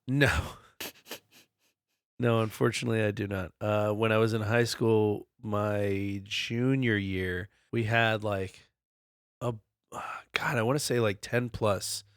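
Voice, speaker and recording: A man in his forties co-hosts a podcast in casual chat, telling stories in a loose, profane, easygoing way. His lowish voice is steady and clean, he takes it slowly, and the studio-quality audio has no room sound.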